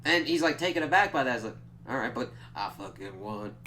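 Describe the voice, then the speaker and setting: A man's voice: mid-range voice, animated, fairly quick, pushed and bright, a little hiss or hum. A young man casually reviewing a TV episode, rambling and swearing freely as he acts out bits of dialogue. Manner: rambling and profane, acts out quoted lines.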